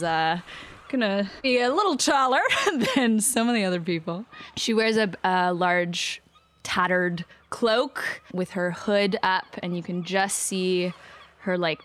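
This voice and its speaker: Slow-talking woman player, low voice. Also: a bit bright, clean tone. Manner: laughs often, swears in asides. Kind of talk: describing her character at the table.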